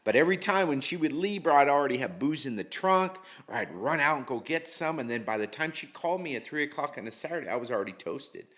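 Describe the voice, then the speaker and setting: A man's voice: fairly high pitch, animated, fast, few pauses, fairly bright tone. Middle-aged man, interview guest; candid, casual storyteller, slangy and profane. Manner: candid, slangy, swears freely.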